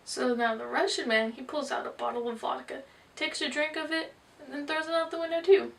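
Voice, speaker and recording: A woman's voice: sits high, creaky. A woman interpreter voicing signed jokes in a storytelling way. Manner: storytelling, brisk joke delivery. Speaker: sign language interpreter. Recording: distant mic.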